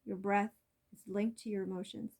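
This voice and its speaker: Chatty woman host, rambling gently. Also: medium pitch, flat delivery, moderate pace, gravelly. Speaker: energy medicine channel host. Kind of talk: casual instructional vlog.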